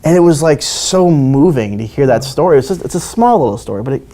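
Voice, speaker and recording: A man's voice: on the high side, animated, brisk, dark tone. A man, a trial lawyer, telling a story in an interview, acting out the quoted voices with frequent restarts.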